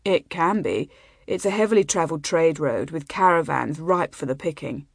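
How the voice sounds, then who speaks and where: A protective warrior prince, voiced by a woman narrator, speaks low and steady, reassuring rather than harsh. The sound is dry and close, with no room around it. An audiobook figure with a level, guarding temper. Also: normal speed, creaky, slightly rough, dry recording, heavily acted. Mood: serious.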